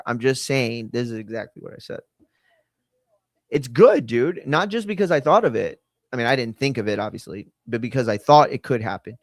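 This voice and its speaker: A man with a mid-range voice hosts a live watch-along, rambling conversationally and often correcting himself mid-sentence. The recording is dry.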